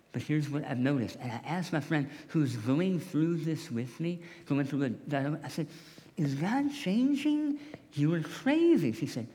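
A man's voice: fairly high pitch, creaky, darkish tone, in a large hall. A man preaching a sermon to his congregation in a joking, conversational way, speaking to them directly. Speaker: pastor.

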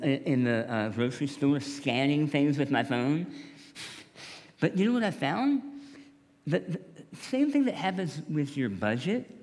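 Male pastor, lively and varied delivery, humorous conversational sermon, long hall reverb. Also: mid-range voice. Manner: humorous, conversational, addresses the congregation directly.

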